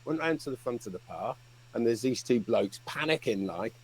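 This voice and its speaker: A man's voice: medium pitch, expressive, moderate pace, husky, low-quality recording. Rambling man telling a story. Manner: rambling, swears, laughs through his story. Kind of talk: casual storytelling.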